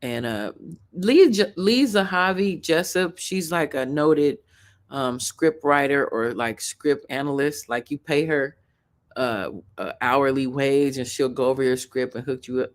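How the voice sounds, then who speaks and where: A woman from Chicago with a suburban Chicago accent, hosting a rambling, chatty reaction video and talking straight to her viewers. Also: extremely low pitch. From Chicago, USA. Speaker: host. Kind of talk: casual reaction commentary.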